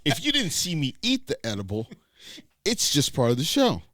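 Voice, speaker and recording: A man's voice: fairly high pitch, huge pitch swings, moderate pace, pushed and bright, no room sound, clean studio sound. A man co-hosting a podcast, joking, interrupting and swearing in casual chat. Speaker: podcast co-host.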